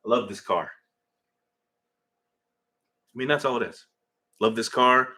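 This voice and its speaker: A man's voice: medium pitch, a little slow, sharp tone. A middle-aged man hosting a casual livestream from his garage, rambling as he reads viewer comments aloud into a phone. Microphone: phone camera.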